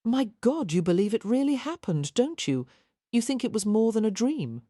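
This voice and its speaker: A frightened, skeptical young woman, breathless and pleading, as a woman narrator voices her. The voice stays mellow and close, with no room sound, in a romance audiobook. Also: a little high, very animated, moderate pace, dry recording, pitched above the performer's own voice. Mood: incredulous. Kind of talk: audiobook character reading.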